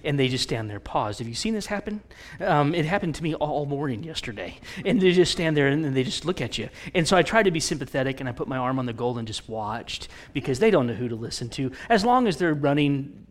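A man in his forties preaching in a conversational, animated way, telling stories with frequent restarts. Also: a little high, fast. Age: 40s.

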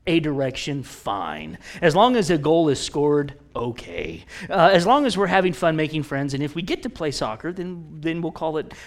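A man in his forties preaching in a conversational, animated way, telling stories with frequent restarts. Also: on the high side, fairly quick, few pauses. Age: 40s.

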